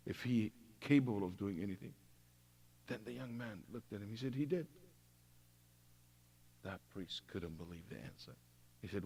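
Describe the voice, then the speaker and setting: A man giving a religious lecture, acting out stories and swinging between loud emphasis and hushed asides. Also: medium pitch, expressive, normal speed. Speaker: imam giving a Quran commentary class. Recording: long hall reverb.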